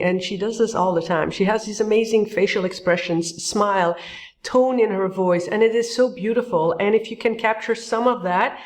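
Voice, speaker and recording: A woman coaching public speaking, commenting on clips and acting out example lines with big jumps in her voice. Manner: lively, acts out example phrases with big pitch jumps. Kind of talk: tutorial commentary on video clips.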